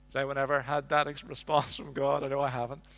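A man preaching a sermon, telling the story with lively ups and downs and dropping to a hush for quiet lines. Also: mid-range voice, quick pace, creaky. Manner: animated storytelling, drops to a hush on quotes. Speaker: pastor.

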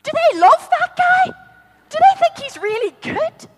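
A woman voicing an excitable, worried little girl who asks eager questions. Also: very high voice, measured pace, pitched above the performer's own voice, heavily acted. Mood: alarmed. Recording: long hall reverb.

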